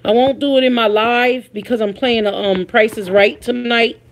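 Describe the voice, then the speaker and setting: A woman's voice: fairly high pitch, steady tone, normal speed, slight background noise. A woman hosting a casual live stream, chatting with her viewers and reading their comments aloud, laughing often. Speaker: livestream host.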